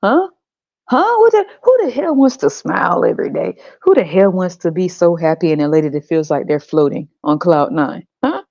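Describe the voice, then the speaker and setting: A woman's voice: deep voice, moderate pace, few pauses, mellow, dry recording, lo-fi sound, natural voice. A woman voicing a brash, mocking male God who talks in blunt slang, in a comedic podcast skit. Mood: preachy mocking. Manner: swaggering slangy trash talk, teasing and blunt.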